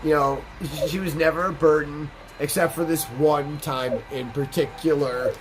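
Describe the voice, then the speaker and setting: A man hosting a game playthrough tells a long, rambling, profane story from his life as he plays, his animated anecdotes running over game music. His voice is fairly high and moderately paced, on a rough recording with a little hiss or hum.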